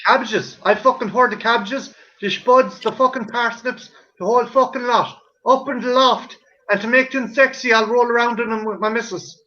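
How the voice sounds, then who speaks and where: An Irish man with a high, bright voice tears through a foul-mouthed, rambling comic rant. He is theatrical and keeps building on his own jokes. The audio is muffled and lo-fi. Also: fairly even intonation, normal speed, few pauses. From Ireland. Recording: dull lo-fi stream audio.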